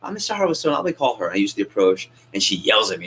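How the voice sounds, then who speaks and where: A man coaching a sales training class, energetic and quizzing the group with questions. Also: on the low side, fast talker, few pauses, poor audio. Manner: energetic, asks the group questions and acts out phone calls.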